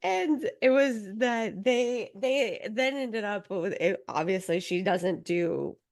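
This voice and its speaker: Woman, podcast co-host, slow talker, gravelly voice, dry close sound. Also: mid-range voice, darkish tone, no room sound. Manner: unhurried storytelling, trailing pauses. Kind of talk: casual chat.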